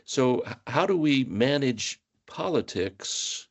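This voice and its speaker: A man's voice: mid-range voice, big pitch swings, slow pace. A man hosting a panel discussion, thoughtful and affirming as he poses questions. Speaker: host.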